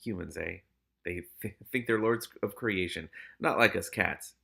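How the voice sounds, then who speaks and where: A man's voice: deep voice, a little slow, vocal fry, bright, forceful tone. A man reading a novel aloud, often breaking off to react and exclaim. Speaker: reader and commentator.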